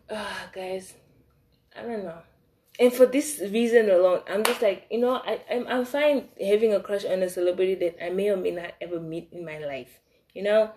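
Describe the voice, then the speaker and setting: A young woman telling a casual storytime about her crushes, animated, swinging between loud outbursts and soft asides. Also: medium pitch, moderate pace, a little hiss or hum. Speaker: vlogger.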